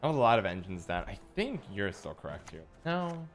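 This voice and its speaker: Faint music plays behind a man whose fairly quick, low-leaning voice rises and falls sharply. He's a streamer playing a card game live, chatting easily with viewers in a reflective, self-deprecating way.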